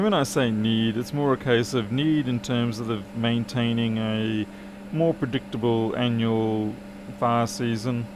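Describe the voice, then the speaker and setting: Chatty man in a noisy workshop. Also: mid-range voice. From Australia. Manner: chatty, dry humour, answers chat questions. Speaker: repair streamer. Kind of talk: casual live-stream chat while working.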